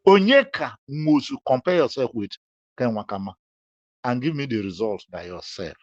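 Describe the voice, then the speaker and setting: A man's voice: medium pitch, sing-song, moderate pace, no room sound, muffled recording. A man scolding a critic in a direct-address rebuttal, emphatic and full of repeated rhetorical questions. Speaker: public figure addressing a critic.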